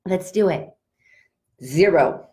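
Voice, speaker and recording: A woman leading an online lesson for young children, animated and sing-song, acting out feelings with exaggerated sounds and singing simple songs. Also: lowish voice, takes it slowly. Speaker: children's language teacher. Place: home.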